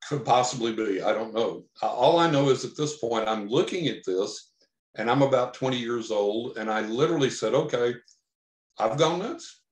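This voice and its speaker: A Texan psychic investigator, guesting on a podcast, tells a long first-person story and livens up when acting out what he and others said. His voice is mid-pitched for a man at a normal speed, with a roomy echo around it.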